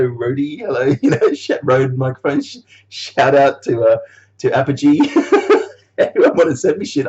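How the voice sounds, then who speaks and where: A man's voice: mid-range voice, a little mellow, highs cut off. A man chatting casually in a rambling way on his video blog. He laughs often, swears freely and trails off mid-thought. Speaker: animator vlogger.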